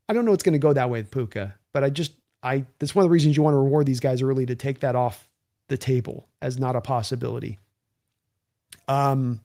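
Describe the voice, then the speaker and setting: A man's voice: medium pitch, warm tone. A man hosting a live stream, talking casually and rambling through game commentary while reading viewer donations. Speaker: livestream host.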